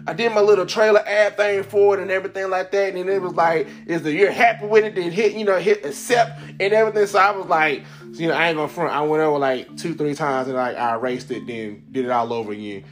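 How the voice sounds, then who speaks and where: A man hosting his own podcast, telling a casual story in an animated way, laughing often and acting out the voices of people he quotes. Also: high voice, quick pace, soft background music. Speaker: podcast host.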